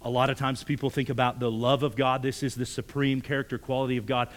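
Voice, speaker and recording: A male pastor preaching a sermon, emphatic, often repeating words, moving between strong raised passages and hushed near-whispered lines. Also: mid-range voice, little pitch movement, quick pace. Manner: emphatic, rising to forceful peaks then dropping to hushed near-whispers; repeats words when stressing a point.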